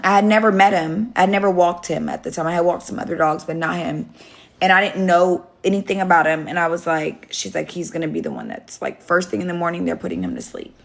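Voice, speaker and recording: A woman's voice: fairly low pitch, creaky. A young woman telling a rambling, candid story to her viewers on a phone live stream, swearing freely. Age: young adult.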